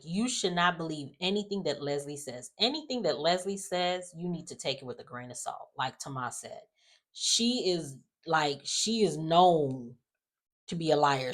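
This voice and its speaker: A woman chatting casually in a sassy, animated way, sighing and acting out lines in quotes. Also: low voice, moderate pace. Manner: animated, sassy, acts out characters in quotes, frequent sighs. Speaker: soap opera recap vlogger. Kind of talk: casual recap chat.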